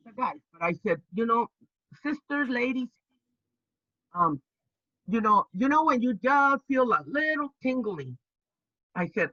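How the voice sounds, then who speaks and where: An older woman, a labor organizer, telling her stories in an interview with lively energy, stumbling and restarting often and acting out the voices she quotes. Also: fairly high pitch, no room sound, dull audio. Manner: animated, halting with many restarts, acts out quoted voices. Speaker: labor organizer and activist guest. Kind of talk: storytelling interview.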